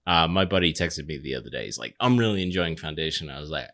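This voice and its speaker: A man co-hosting a casual podcast chat, joking and crude, with quick asides. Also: rumbling low, expressive, a bit bright. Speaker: podcast co-host.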